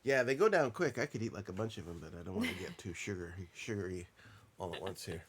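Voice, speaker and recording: A man's voice: sits low, fast, a little hiss or hum. Easygoing man tasting snacks. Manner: relaxed, thinking aloud while eating. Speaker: co-host. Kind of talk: casual snack-tasting chat.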